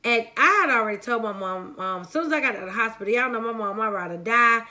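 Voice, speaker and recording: Bright-voiced young woman telling a story. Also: on the high side, fast talker. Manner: chatty, rambling, addresses viewers as y'all. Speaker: vlogger. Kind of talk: casual story time to viewers.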